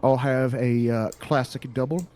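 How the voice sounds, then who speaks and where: A man's voice: medium pitch, steady tone, measured pace, a little mellow. A man playing his character in a tabletop game, joking in a put-on accent. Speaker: player. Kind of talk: in-character tabletop role-play.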